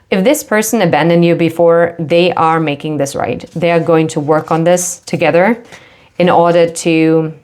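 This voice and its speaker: Slow, low-voiced chatty tarot reader woman. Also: a little mellow. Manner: chatty, self-interrupting, laughs at her own slips. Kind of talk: casual tarot reading to camera.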